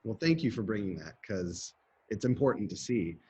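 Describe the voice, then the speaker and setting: A man's voice: on the low side, animated, moderate pace, warm tone, slightly rough. A man interviewing a guest in a hesitant way, with many fillers. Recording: dull lo-fi sound.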